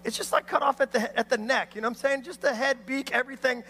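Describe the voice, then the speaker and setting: A man preaching a sermon, an animated storyteller who acts out voices and calls out to the crowd. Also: very high voice, fast, in a large hall. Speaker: pastor.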